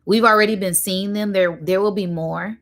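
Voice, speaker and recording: A woman hosting a live spiritual channeling talk, rambling with many fillers and slowing down to stress her points while speaking straight to her viewers. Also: mid-range voice, steady tone, fairly bright tone. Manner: addresses viewers directly and casually.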